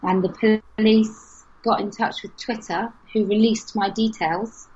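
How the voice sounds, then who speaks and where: A woman's voice: mid-range voice, steady tone, unhurried, darkish tone, slightly rough. A woman, speaking frankly and telling a story as an interview guest. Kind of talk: casual conversation. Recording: dull lo-fi podcast audio.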